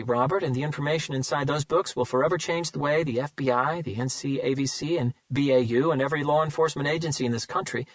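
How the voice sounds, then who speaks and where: A cool, taunting serial killer speaks in a smooth, self-satisfied tone, voiced by a male narrator. He lectures with calm arrogance. The delivery is close and dry, with a mid-range voice. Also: medium pitch, dry recording, close to an everyday voice.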